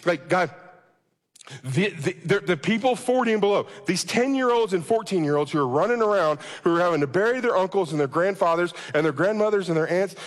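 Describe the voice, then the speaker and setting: A man's voice: high voice, expressive, brisk. A man preaching a sermon with passion, often acting out a pleading prayer. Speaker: pastor. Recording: long reverb of a large hall.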